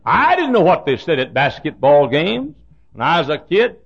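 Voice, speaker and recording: A man preaching a sermon, telling a folksy story in an animated way that builds suspense. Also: on the high side, moderate pace, breathy edge. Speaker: pastor. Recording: dull lo-fi sermon recording.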